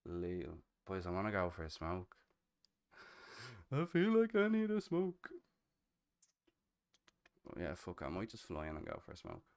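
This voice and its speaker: An Irish man in his thirties chats loosely while streaming a game, cursing freely and laughing out loud. His voice sits a little low and sounds smooth and clear. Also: huge pitch swings, moderate pace, pauses often. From Ireland. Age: 30s. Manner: crude, swears a lot, laughs loudly. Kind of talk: casual chat while gaming.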